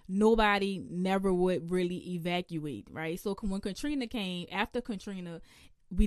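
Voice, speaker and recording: A young adult woman with a New Orleans accent, answering interview questions in a relaxed, casual way with local slang and frequent laughs. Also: fairly low pitch, clean tone, no room sound, clean studio sound. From New Orleans, USA. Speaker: interview guest.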